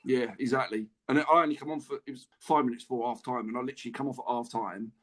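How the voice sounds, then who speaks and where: A middle-aged English man who used to be a footballer tells stories chattily in a casual podcast interview, laughing his way through the anecdotes. His voice is medium-pitched and fairly bright, with quick pacing and fairly even intonation.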